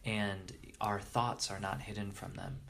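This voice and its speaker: Male interview guest with a lowish voice, earnest and reverent storyteller, halting restarts. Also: fairly even intonation, vocal fry, a bit bright, a little hiss or hum. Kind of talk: storytelling in conversation.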